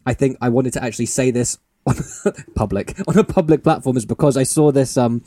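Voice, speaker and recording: A man co-hosting a podcast in casual chat, excitable and quick to laugh, swearing freely. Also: mid-range voice, no echo. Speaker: podcast co-host.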